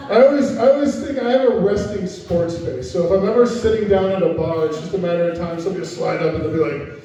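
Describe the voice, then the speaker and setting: Stand-up comic, middle-aged man, high voice, warm tone, self-deprecating banter; echoey room, distant mic. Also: fast talker, lo-fi sound, slight background noise. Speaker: stand-up comedian. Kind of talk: stand-up comedy with crowd work. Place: comedy night venue with a live audience.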